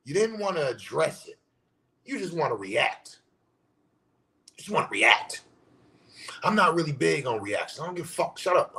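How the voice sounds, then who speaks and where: Man, casual vlog rant, blunt, profane, slightly high voice, repeats himself. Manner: repetitive, rhetorical questions. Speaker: social media commentator.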